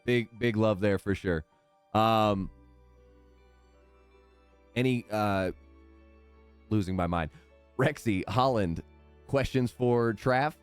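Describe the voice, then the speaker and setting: A man's voice: lowish voice, slow, pauses often, clean tone, dry recording, soft background music. A man hosting a live stream, calling out names in a hype sports-announcer manner.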